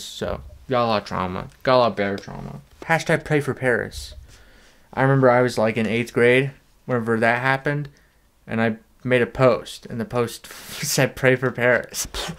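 A young man in a deadpan, rambling comedic monologue, swearing freely as he goes. His voice sits at an ordinary middle pitch, with a dry, offhand delivery. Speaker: vlogger. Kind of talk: comedic sticker review vlog.

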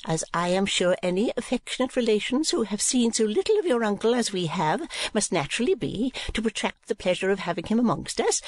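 A man's voice: high-pitched, no room sound, voice pushed up. Male reader playing a chattering, tearful middle-aged mother, lilting and airy, dry close sound. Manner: gushing, talkative, easily tearful. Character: fussy, rambling middle-aged mother, woman.

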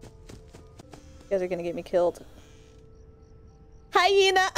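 A woman's voice: medium pitch, sing-song, slow, faint music behind. A young woman streaming a horror game, scared and swearing as she talks to her chat. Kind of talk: live gameplay commentary.

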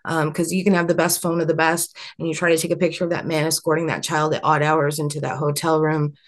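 A woman's voice: low voice, flat delivery, fast talker. A young adult woman as an interview guest, telling a long story in an earnest, rambling way with many fillers and restarts.

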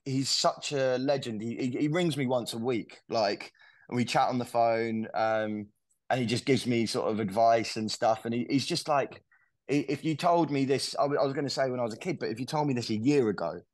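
A man's voice: medium pitch, fairly quick, no room sound. A young English man, a musician, telling stories in a casual interview, rambling with lots of fillers and restarts. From England. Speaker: musician guest.

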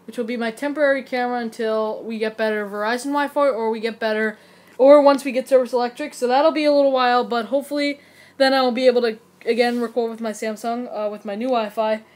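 A woman's voice: fairly high pitch, fairly even intonation, quick pace, darkish tone, poor audio. A woman hosting a casual toy show vlog, rambling and chatty, recorded on a tablet camera. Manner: rambling, chatty, many fillers. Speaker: video host.

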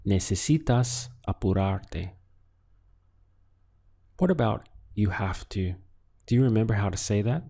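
A man teaching a Spanish lesson in a calm, measured voice, asking the listener to answer and then giving each phrase. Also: fairly low pitch, vocal fry. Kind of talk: scripted language lesson.

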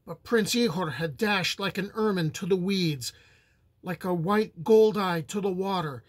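A man narrates an old epic in a slow, solemn reading. His voice sits high for a man. The sound is close and dry. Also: no room sound. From United States. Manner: solemn, measured. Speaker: storyteller. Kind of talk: reading a medieval epic aloud.

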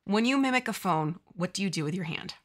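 A woman's voice: medium pitch, expressive, quick pace. A woman teaching miniature painting on a livestream, chatting casually and laughing easily. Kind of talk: casual chat and painting instruction.

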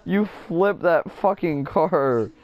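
A man's voice: fairly high pitch, expressive, slow, muffled recording, crowd noise. A young man chatting casually while gaming, teasing his friend with crude, swearing banter. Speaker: gamer.

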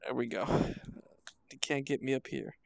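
A man's voice: medium pitch, moderate pace, vocal fry, no echo. A man streaming a social game, casual and playful, laughing often between lines. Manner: giggly, playful, keeps laughing.

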